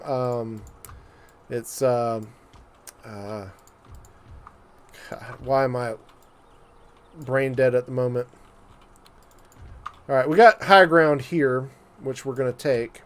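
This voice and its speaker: A man's voice: mid-range voice, clear, resonant tone. A man giving loose, joking commentary while live-streaming a strategy game, with frequent fillers and asides to his viewers. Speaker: gaming streamer.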